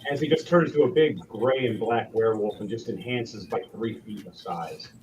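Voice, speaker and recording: A man's voice: on the low side, normal speed, a little mellow, far from the mic, soft background music, low-quality recording. A man running a tabletop game as game master, narrating theatrically.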